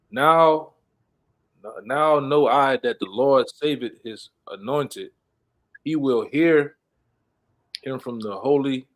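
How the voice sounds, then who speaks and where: A man reading scripture aloud haltingly, stumbling and restarting words. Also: medium pitch. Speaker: scripture reader.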